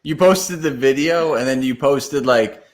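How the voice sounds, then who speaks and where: A man hosting a podcast, recalling something in halting phrases full of fillers. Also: mid-range voice. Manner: hesitant, filler-heavy recalling. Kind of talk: casual chat.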